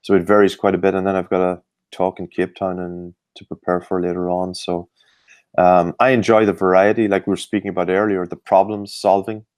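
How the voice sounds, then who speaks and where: A middle-aged Irish man, a performance coach, answering interview questions in a measured, explanatory way with frequent fillers. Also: low voice, flat delivery, a little mellow, no room sound.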